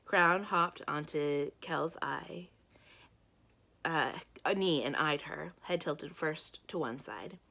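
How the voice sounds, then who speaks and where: A woman librarian reading a children's book aloud in calm, steady narration. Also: low-pitched, slow pace, creaky.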